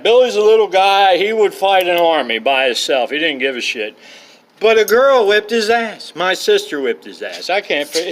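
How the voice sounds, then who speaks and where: A man's voice: a little high, a bit bright. A man telling blunt, profane personal stories in a rambling, digressive way, often losing his thread. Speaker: storyteller.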